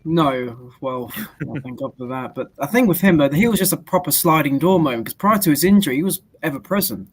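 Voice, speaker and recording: A man with a somewhat high voice talks in a casual group chat. He explains in a measured way and at length. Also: expressive, husky.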